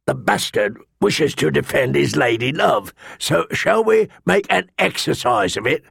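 A man voicing a cruel, mocking master-at-arms with a sharp, cold voice in an audiobook. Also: mid-range voice, expressive, measured pace, creaky, husky, no echo, clean studio sound, exaggerated voice.

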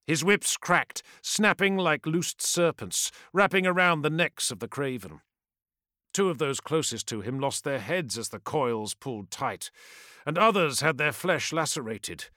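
A man's voice: a little high, animated, unhurried, sharp tone, dry recording, clean studio sound. Dramatic male fantasy audiobook narrator.

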